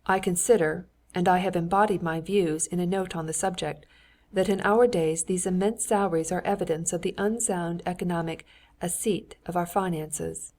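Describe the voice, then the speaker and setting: A woman reading the lines of a stiff, pedantic older statesman in an audiobook, slow and deliberate, as if lecturing. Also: lowish voice, steady tone, a little mellow, lightly acted.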